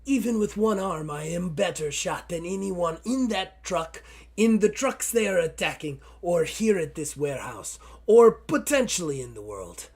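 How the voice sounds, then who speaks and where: A man's voice: high voice, lively intonation, moderate pace, a little mellow, breathy edge, heavily acted. A man voicing an arrogant, wounded woman sniper with a Russian accent, speaking stiff, blunt, formal broken English. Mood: proud.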